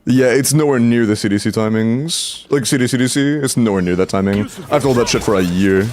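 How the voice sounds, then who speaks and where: A man's voice: medium pitch, brisk, a little mellow. A young man livestreaming a video game, talking to himself and chat, frustrated and swearing as he practices a combo. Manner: frustrated, swearing, self-talk. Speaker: streamer. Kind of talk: live game stream commentary.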